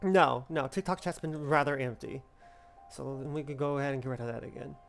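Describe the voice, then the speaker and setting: A woman's voice: extremely low pitch, a little fast, vocal fry, faint music behind. A woman streaming a game, chatting animatedly with her chat, swearing and reacting with delight. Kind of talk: casual gaming livestream.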